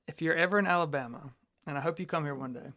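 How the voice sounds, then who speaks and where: A man's voice: fairly high pitch, fast, pushed and bright. A man co-hosting a podcast, chatting casually with playful teasing. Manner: playful teasing, laughs often. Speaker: podcast co-host. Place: lives in Alabama.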